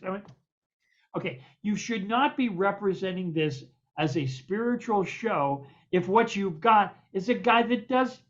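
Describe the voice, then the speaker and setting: A man's voice: sits high, animated, normal speed, a bit bright. An older American man, a guest poet, tells stories from his past in an interview. He acts out the other voices in his tales, stammers and repeats words. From United States. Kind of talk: anecdotal storytelling in an interview. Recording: dull lo-fi recording.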